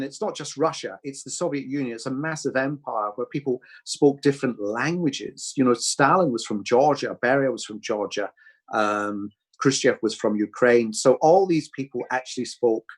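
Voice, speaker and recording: A man's voice: mid-range voice, normal speed, breathy edge. A man, a film director, talking through his process in a thoughtful, rambling way with many restarts. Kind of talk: reflective Q&A chat.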